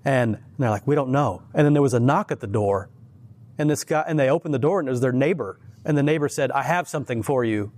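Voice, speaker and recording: A man who teaches at church, telling faith stories in an earnest, animated way in a casual conversation, often restarting his sentences. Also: mid-range voice, fast.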